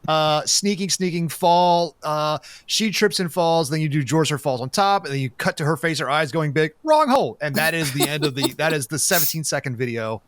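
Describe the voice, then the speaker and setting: A man's voice: on the high side, normal speed, hardly any pauses, smooth, dry recording. A man running a comedy tabletop game as game master, joking, swearing and laughing as he narrates. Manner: laughing, crude banter.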